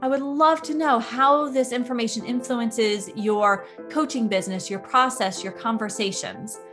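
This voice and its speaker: Calm woman teaching coaching skills. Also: on the high side, moderate pace, over music. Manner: calm, explanatory, with everyday analogies. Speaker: coaching podcast host. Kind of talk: instructional podcast monologue.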